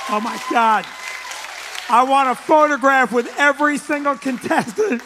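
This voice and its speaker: A man hosting a live comedy show, loudly wrapping up the night and pitching plugs to the audience and viewers at home. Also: moderate pace, noisy background. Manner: loud, hyped announcer pitching plugs to the crowd. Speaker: club host. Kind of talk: live show emcee wrap-up. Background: band music and crowd.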